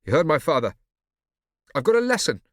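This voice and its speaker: A man's voice: a little high, big pitch swings, fairly quick, fairly bright tone, dry recording, clean studio sound, voice pushed up. A man reading an audiobook, voicing a secretive, defiant thirteen-year-old rich boy who talks with a hesitant edge. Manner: hesitant, stammering then defiant.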